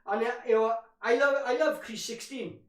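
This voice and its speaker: A man's voice: extremely high pitch, moderate pace. A man giving live fan commentary on a match, ranting in frustration and calling his listeners "boys". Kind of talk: live watch-along commentary. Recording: roomy echo, distant from mic.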